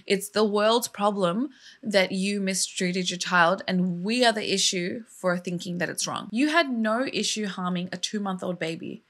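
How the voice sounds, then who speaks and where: A woman in her thirties or younger narrates a true crime case straight to her viewers, in a loose, chatty way. She sounds moved and quick to voice outrage, with a voice of middling pitch for a woman. She keeps the tone personal, as if talking with a friend. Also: fairly bright tone. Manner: emotional, indignant and conversational. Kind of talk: casual storytelling vlog.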